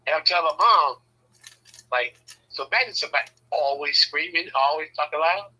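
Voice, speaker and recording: A man from Southern California telling personal stories in a casual, animated way, swearing freely and acting out the voices he quotes. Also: on the high side, a little fast, slightly rough, low-quality recording. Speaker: speaker sharing personal stories. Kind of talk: casual storytelling.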